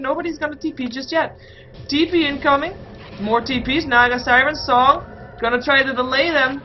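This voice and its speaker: A woman casting an online game match solo, calling the action play by play and getting louder in the fights. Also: a little high, a little hiss or hum. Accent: Dutch. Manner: rapid play-by-play, excited bursts in fights, many fillers. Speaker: esports caster. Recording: muffled lo-fi stream audio.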